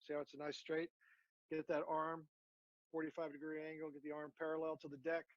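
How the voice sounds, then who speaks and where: A man's voice: on the high side, completely flat delivery, fairly quick, dry recording, dull audio. A man who served in the military, talking earnestly in an interview with many fillers and restarts. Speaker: veteran guest. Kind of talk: casual interview talk.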